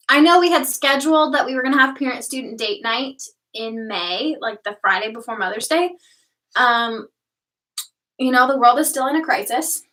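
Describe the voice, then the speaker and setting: An upbeat young woman co-hosting a youth ministry livestream in a fairly high, bright voice. She chats freely and fills pauses with ums, sitting a little away from the mic. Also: recorded from a distance, rough recording. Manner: upbeat, chatty with many ums. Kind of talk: casual livestream chat.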